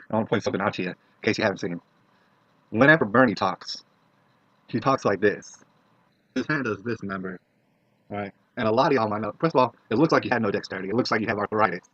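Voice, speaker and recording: A man's voice: lowish voice, a bit bright, dry recording. A young man ranting bluntly to camera in a vlog, profane and opinionated, who keeps checking in with his viewers. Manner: blunt, profane, keeps asking "all right?". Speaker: vlogger. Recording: dull lo-fi dry recording.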